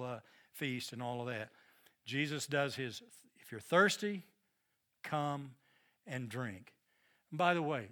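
A man's voice: medium pitch, fairly bright tone. A middle-aged man with a Southern American accent, teaching a Bible study lesson in an earnest, emphatic way and often repeating words.

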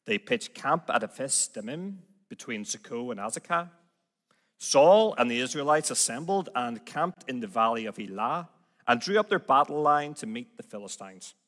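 A man with a Belfast accent, a guest preacher giving a sermon and reading scripture aloud in a gently self-deprecating manner. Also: mid-range voice, animated, normal speed. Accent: Belfast, Northern Irish. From Northern Ireland. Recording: long hall reverb.

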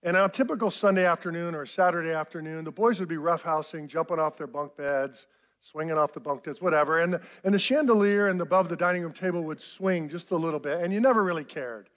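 High-voiced man in his fifties preaching. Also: fast talker. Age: 50s. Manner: storytelling, animated and self-mocking. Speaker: pastor. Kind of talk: sermon.

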